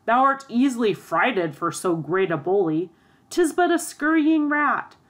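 A woman's voice: medium pitch, expressive, unhurried, fairly bright tone. A woman voicing a big, scornful male robber who talks in old-fashioned speech, in a storybook reading. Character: boastful man, a burly robber.

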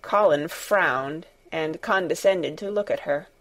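A woman narrating a children's classic as an audiobook, in a measured, expressive storytelling manner. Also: low voice. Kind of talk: scripted narration.

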